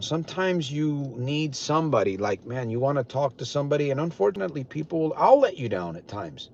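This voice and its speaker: An older man gives a motivational talk on a live stream, pressing each point home by repeating it with earnest conviction. His voice sits a little high for a man. The sound is muffled and lo-fi, like a basic streaming setup. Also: sing-song, moderate pace, a little mellow. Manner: earnest, repetitive preaching. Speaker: recovery coach. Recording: dull lo-fi live-stream audio.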